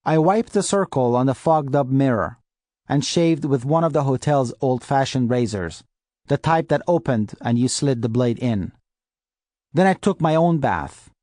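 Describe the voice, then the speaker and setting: A man reads a first-person novel in a steady, measured way. His voice sits in the middle range. The recording is dry and close. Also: medium pitch, no room sound. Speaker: audiobook narrator. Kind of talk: first-person audiobook narration.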